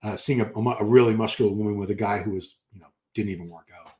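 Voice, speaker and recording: A man's voice: fairly low pitch, fast, few pauses, dark tone. An older man, chatting casually on a live stream and answering comments, rambling and correcting himself as he goes.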